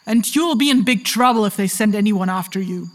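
A woman's voice: medium pitch, a little fast, natural voice. A woman playing a wry traveling scholar in a fan audio drama, dry and sardonic as she keeps a prisoner in check. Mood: firm. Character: wry female traveling scholar, guarded captor.

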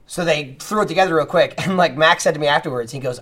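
Animated man telling stories, higher voice. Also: fast talker, few pauses. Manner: animated, acts out quotes with loud outbursts. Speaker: podcast co-host. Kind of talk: casual chat, storytelling.

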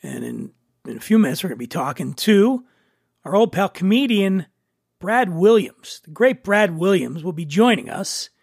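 A high-voiced man hosts a podcast with a casual, playful, teasing manner. His voice is recorded close and dry, with no room sound. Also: expressive, normal speed, a little mellow, no echo. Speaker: podcast host.

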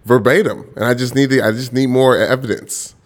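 A man's voice: medium pitch, steady tone, brisk. A man co-hosting a sports podcast, trading playful, jokey banter. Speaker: podcast co-host. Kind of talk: casual sports podcast chat.

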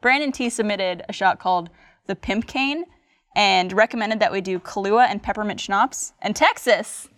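A woman's voice: medium pitch, moderate pace. A woman hosting a podcast, chatting casually and laughing often with her guests. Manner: laughs often, relaxed banter. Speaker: host. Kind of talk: casual chat.

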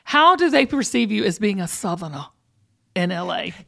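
A woman's voice: mid-range voice, big pitch swings, moderate pace, gravelly, pushed and bright. A woman hosting a podcast, chatty and playful, teasing her co-host and guests. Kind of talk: casual chat.

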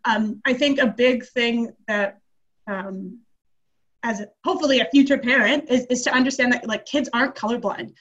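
A woman's voice: fairly high pitch, moderate pace, a bit bright. A young woman on a video call, speaking hesitantly with many fillers. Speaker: panelist. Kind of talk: casual video call chat. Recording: dull lo-fi video call audio.

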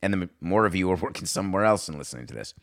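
Animated sarcastic sports talk man. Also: sits low, very fast. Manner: animated, sarcastic, mocking voices and singing. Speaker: podcast host.

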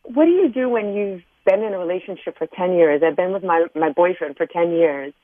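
A woman's voice: on the low side, fairly quick, no echo. A woman calling in to a radio advice show, earnest and shaken as she asks for help. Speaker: caller. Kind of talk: call-in radio conversation. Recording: tinny phone line.

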